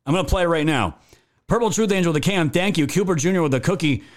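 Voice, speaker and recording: A man's voice: a little high, animated, fast talker. A man hosting a political live stream, commenting and reading viewer chat in an indignant, emphatic and sometimes profane way. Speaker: political talk show host.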